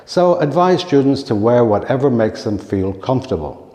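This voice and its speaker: A man delivering a scripted lesson for teachers in a calm, measured way. His voice is mellow and dark, mid-pitched. The sound rings in a roomy space with a long reverb tail. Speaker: teacher trainer. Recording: echoey room with long reverb.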